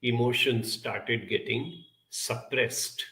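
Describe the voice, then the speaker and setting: A man's voice: medium pitch, takes it slowly, bright, forceful tone, rough recording. A man on a talk program giving a reflective, conversational talk with personal anecdotes, explaining things and speaking straight to his listeners.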